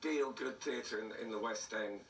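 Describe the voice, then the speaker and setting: A man's voice: on the low side, normal speed, fairly bright tone, a little hiss or hum. A man, a comedian telling dry, self-mocking stories in a casual interview, his voice throaty. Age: 60s. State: throaty, hoarse. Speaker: comedian guest. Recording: roomy studio heard from a distance.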